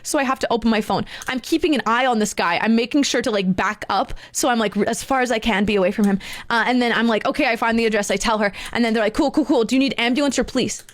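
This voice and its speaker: Woman storyteller, high voice, excitable, does all the voices, very dry mic. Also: fast, dry recording. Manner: excitable, acts out every voice in the story, laughs often. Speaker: streamer. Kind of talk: animated storytelling.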